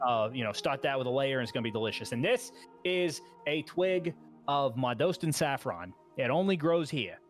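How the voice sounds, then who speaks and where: A man's voice: medium pitch, expressive, normal speed, soft background music, close to an everyday voice. A man voicing a nervous male tavern chef who stammers and keeps restarting his sentences. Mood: eager.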